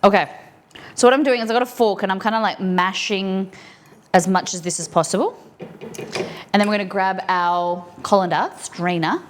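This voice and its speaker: A woman's voice: medium pitch, moderate pace, slight background noise. A young Australian woman casually chatting with her stream chat as she cooks in her home kitchen, rambling from one thing to the next. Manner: chatty, rambling, talks to chat while cooking. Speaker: streamer cooking on a live stream. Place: home kitchen set up as a studio.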